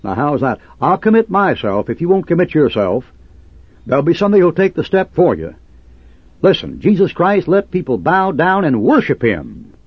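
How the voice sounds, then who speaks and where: Husky preacher man going off, lively swinging pitch, dull old dry tape. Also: normal speed, no echo. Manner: combative, sarcastic, preaching in old King James cadence. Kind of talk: fiery fundamentalist sermon.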